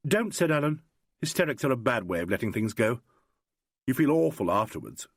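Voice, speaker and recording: A man reading an audiobook, voicing a calm, dry-humoured male detective who talks in a matter-of-fact way. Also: medium pitch, brisk, breathy edge, dry recording.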